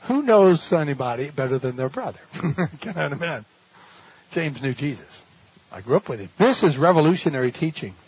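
Animated, high-voiced male preacher. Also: normal speed, breathy edge, no echo, lo-fi sound. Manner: animated, dramatic storytelling with laughs and rhetorical questions. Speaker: pastor. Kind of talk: sermon.

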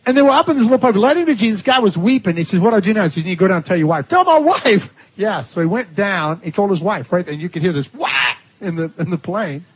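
A preacher with a high voice speaks fast, barely pausing, over slight background noise. He animates his sermon stories with laughter and by performing the characters' voices, and the recording is dull and lo-fi.

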